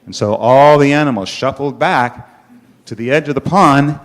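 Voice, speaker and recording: A man telling a children's story at a worship service, animated, with dramatic pauses. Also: medium pitch.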